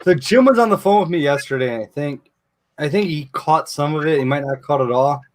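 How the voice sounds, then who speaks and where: A man's voice: on the high side, brisk, slight background noise. A man hosting a casual live chat, telling a long profane story about his wife's job. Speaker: show host.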